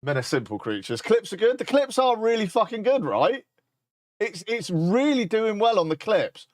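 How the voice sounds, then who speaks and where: A man chatting casually on a live stream while coding, joking, swearing and dictating instructions slowly. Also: high-pitched, very animated, no room sound, clean studio sound.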